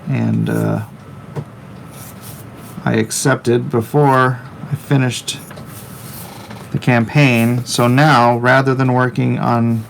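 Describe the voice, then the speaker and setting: A middle-aged man with a gravelly, creaky voice talks at an unhurried, drawn-out pace. He rambles and cracks jokes while drawing on a livestream, reading viewer comments aloud. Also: medium pitch, flat delivery, a little hiss or hum. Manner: rambling, jokey, reads viewer chat aloud. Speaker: comic artist streaming his work.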